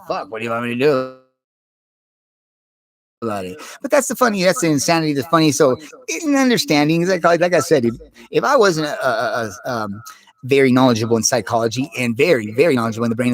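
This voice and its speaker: In a medium-pitched voice, a man rambles through a personal monologue aimed right at the camera. It's intense and profanity-laden, and he keeps starting over.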